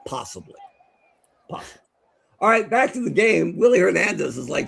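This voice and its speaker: A man's voice: sits high, moderate pace, creaky, breathy edge. A middle-aged man co-hosting a podcast, telling stories in casual chat and calling a game with lots of laughing. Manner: animated storyteller, laughs often. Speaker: podcast co-host.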